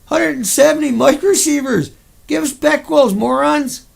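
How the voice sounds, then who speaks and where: A man's voice: extremely high pitch, moderate pace, vocal fry. A man delivering an indignant, profane, sarcastic monologue rant on his own channel. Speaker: vlogger.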